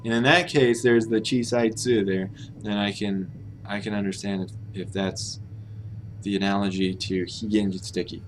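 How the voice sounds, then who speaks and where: A man's voice: lowish voice, steady tone, moderate pace, a little hiss or hum. An American man hosting a language-learning live stream, thinking aloud in a hesitant, self-correcting way. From United States. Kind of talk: casual live-stream commentary.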